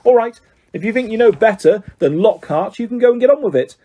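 A man reading aloud, voicing a fierce but caring witch mother who scolds her sons in a shrill voice. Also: animated, fairly quick, dull audio. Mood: snappish. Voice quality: shrill, rising to shouts. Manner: fretful, sharp-tongued.

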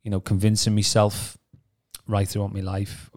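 On a podcast, a male co-host gives a casual personal testimony in a rambling way, full of restarts and "you know" fillers. His voice is fairly low and monotone, a little mellow, at normal speed.

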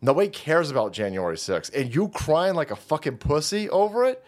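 A foul-mouthed man hosts his own commentary show and rants in a mocking, profane tone. His voice sits a little high for a man and swings widely in pitch, bouncing up and down as he scoffs. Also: big pitch swings, fairly quick, soft background music. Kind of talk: profane political rant.

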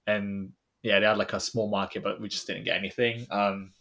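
A young man, co-hosting a podcast and recounting a trip in casual chat, rambling with many fillers and trailing off quietly. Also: on the low side, flat delivery, brisk. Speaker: podcast co-host.

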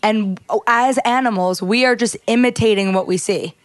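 A woman chatting casually over a video call, explaining at length and padding her sentences with filler words. The sound is dry and close, with a middle pitch. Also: moderate pace, dry recording. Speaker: co-host.

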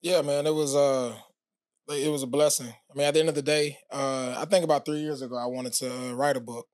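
A man, a former pro athlete, telling his story as a podcast guest in a relaxed, casual way with many fillers. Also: medium pitch, fairly quick, no echo, clean studio sound. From United States. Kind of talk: casual interview talk.

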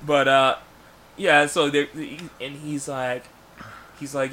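A man with a bright, forceful voice, talking loosely on a podcast and telling a story. He acts out characters' lines in a hushed voice. A faint hiss sits behind him. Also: fairly high pitch, little pitch movement, slow pace, long pauses. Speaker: podcast co-host. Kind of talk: casual fan podcast chat.

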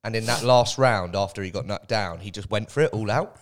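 A man's voice: lowish voice, a little fast, a little hiss or hum. A man co-hosting a casual podcast, telling stories animatedly and swearing casually. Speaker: podcast co-host.

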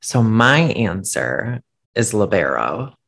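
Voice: mid-range voice, big pitch swings, takes it slowly, vocal fry, fairly bright tone. A podcast co-host chatting casually, rambling and poking fun at themself. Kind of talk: casual chat.

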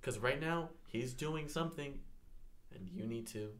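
A man's voice: mid-range voice, measured pace. A man co-hosting a podcast, telling a rambling childhood story in casual chat and laughing as he goes. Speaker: podcast co-host.

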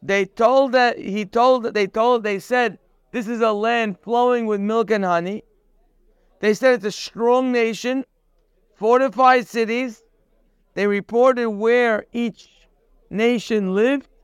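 A man leads a Torah class at an unhurried, measured pace, quoting Hebrew verses and translating them one by one. His voice is high and clear. The sound is dry and close. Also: steady tone, dry recording. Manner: acts out quoted speech with sudden raised emphasis. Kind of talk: lecture-style Torah class.

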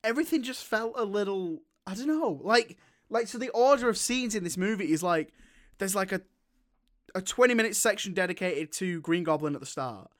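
A man's voice: high voice, expressive, fairly quick. A young man, co-hosting a casual film chat, rambling and swearing with lots of restarts. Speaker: podcast co-host.

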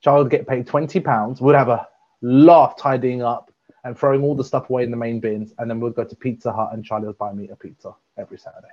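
A man in his twenties, hosting and telling stories in a playful, animated way among old friends. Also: mid-range voice, fast talker. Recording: dull lo-fi sound.

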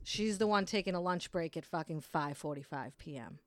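A woman's voice: sits low, animated, a little fast, no room sound. A young adult woman from the East Coast hosting a solo podcast, ranting in a blunt, frank way and swearing freely. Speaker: podcast host. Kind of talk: casual solo rant.

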